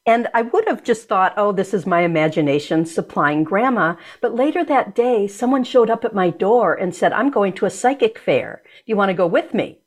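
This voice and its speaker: A woman's voice: mid-range voice, expressive, normal speed, few pauses. A woman being interviewed as an energy medicine practitioner, speaking in a reflective, searching way with frequent restarts. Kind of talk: conversational interview.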